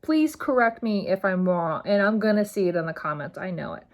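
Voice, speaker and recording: A woman in her thirties hosts a casual solo podcast, speaking straight to her listeners in an ordinary middle pitch. She talks a little fast with lively intonation, rambling and getting impassioned, hitting words hard when she cares about them.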